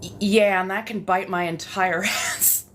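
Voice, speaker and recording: A woman's voice: medium pitch, steady tone, measured pace, a bit bright, a little hiss or hum. A young woman with a West Coast accent chatting casually with live-stream viewers, rambling and swearing freely.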